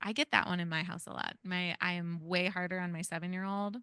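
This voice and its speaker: Brief: casual woman in her thirties running a parenting workshop, bright and forceful tone. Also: lowish voice, fairly even intonation, brisk, smooth, no room sound. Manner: casual, chatty, many "like" and "right?". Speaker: parenting educator leading a training. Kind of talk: interactive workshop talk.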